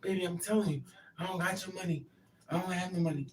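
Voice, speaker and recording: A woman's voice: fairly low pitch, quick pace, darkish tone, recorded from a distance, slight background noise, close to an everyday voice. A woman voicing an evasive young boyfriend who lies nervously and pleads defensively. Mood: pleading.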